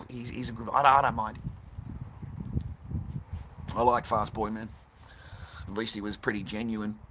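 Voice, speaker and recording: A man's voice: mid-range voice, fairly bright tone. A man chatting casually on a live stream, blunt and rambling, swearing constantly. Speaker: livestreamer. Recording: noisy background hiss.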